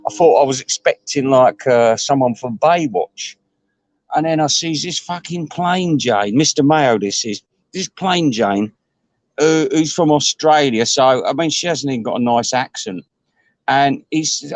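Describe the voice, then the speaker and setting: A man rambles through a crude comic rant, stumbling into restarts and sudden asides. His voice sits at an ordinary middle pitch. The sound is dry and close, with no room around it. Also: moderate pace, no room sound.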